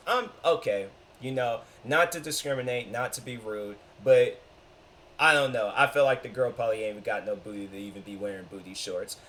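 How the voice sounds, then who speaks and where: A man hosting a reaction video, talking in an animated, rambling way and acting out quotes. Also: mid-range voice, moderate pace. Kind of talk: casual reaction commentary.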